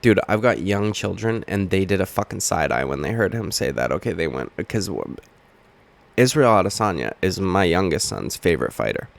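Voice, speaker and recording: A man's voice: sits low, sing-song, normal speed, creaky. A man hosting a heated, profane commentary video, talking straight to his camera as he argues his points. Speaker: MMA commentary channel host. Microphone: webcam or camera mic.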